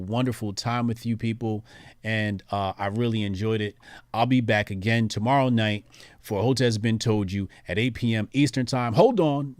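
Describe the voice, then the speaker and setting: A man's voice: lowish voice, dry recording, clean studio sound. Laid-back man hosting a livestream. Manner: laid-back, rambling, frequent fillers. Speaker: livestream host. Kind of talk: casual livestream chat reading viewer messages.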